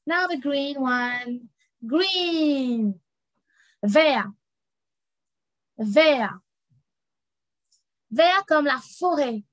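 A young woman leads a children's language lesson, speaking slowly and repeating each word. Her voice sits a little high, and she laughs easily. The sound is close and dry, with no room around it. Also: expressive, dry recording, poor audio. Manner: slow, repeats words, laughs often. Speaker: French teacher for kids.

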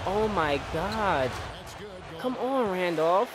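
Exasperated young gamer commentating. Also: male voice, on the high side, moderate pace, background noise. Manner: animated, exasperated, talks to viewers. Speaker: gaming YouTuber. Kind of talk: live gameplay commentary. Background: game music and sound.

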